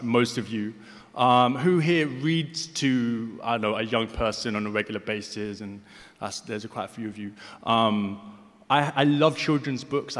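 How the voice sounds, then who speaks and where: Deaf man, spoken word poet, slightly slurred speech, rhythmic recitation, medium pitch, long hall reverb. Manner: rhythmic recitation with soft, hesitant asides. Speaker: poet performing. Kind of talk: spoken word poetry performance. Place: large hall on stage.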